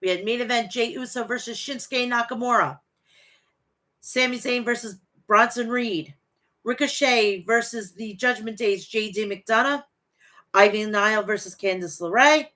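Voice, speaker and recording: With a slightly high, pushed and bright voice at a normal speed, a woman in her forties chats casually on her wrestling show. Reading live chat, the host rambles, gushes and swears freely.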